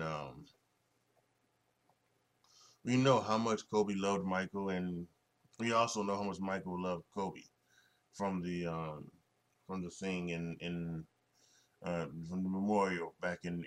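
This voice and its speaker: A young man hosting a solo sports podcast, talking in a rambling way with many restarts and fillers and frequent chuckles. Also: deep voice. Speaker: podcast host.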